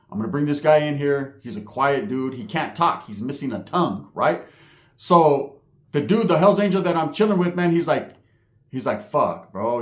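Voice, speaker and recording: A man's voice: mid-range voice, echoey room. A man from California telling a prison story in casual street slang, full of profanity and "right?" asides. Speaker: storyteller recounting prison life.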